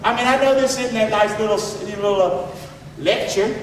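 A man's voice: sits high, normal speed, slight background noise. A man, a pastor from America, preaching an emphatic sermon and calling on his congregation to answer back. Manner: emphatic, calls for congregation response. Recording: echoey hall from far off.

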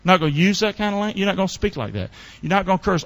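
A male pastor delivering a sermon in a fairly high voice that leaps up and down. He quizzes his listeners in call-and-response fashion and moves from loud bursts to low asides. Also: animated, very fast.

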